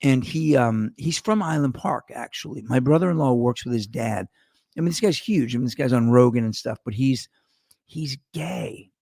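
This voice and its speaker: Gravelly middle-aged man rambling on a podcast. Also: mid-range voice, expressive, moderate pace, a little mellow, no room sound, studio quality. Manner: rambling, profane, digressive. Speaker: podcast host. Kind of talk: casual monologue.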